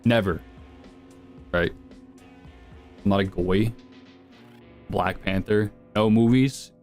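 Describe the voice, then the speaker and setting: A man's voice: on the low side, steady tone, slow pace, a little mellow, faint music behind. Young man streamer, crude slangy banter. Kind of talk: live stream, answering chat.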